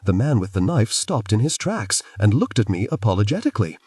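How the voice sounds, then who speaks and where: A man reads a fantasy novel aloud with a breathy, husky tone and sweeping, animated swings of pitch. His narration is expressive and storytelling-driven. The recording is dry and sits a little back from the mic. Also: fairly quick, hardly any pauses, no room sound, recorded from a distance. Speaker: audiobook narrator.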